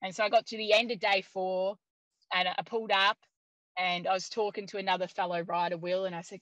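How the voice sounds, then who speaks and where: A woman guest telling a story in casual conversation, lively, laughing often and using many "like" fillers. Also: medium pitch, brisk, no room sound, poor audio. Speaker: interview guest.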